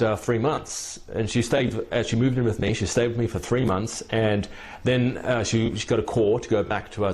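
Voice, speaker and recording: A man's voice: medium pitch, a little mellow. A young man coaching on dating, telling a long anecdote in a casual, rambling way with many restarts. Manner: rambling, with frequent restarts and repeated words. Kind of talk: casual storytelling and advice.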